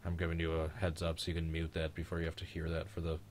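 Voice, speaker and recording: A young man streaming a live race reaction, chatting casually with a friend and joking, getting loud when the race heats up. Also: very deep voice, quick pace, a little hiss or hum. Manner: joking, gets loud and excited at race moments.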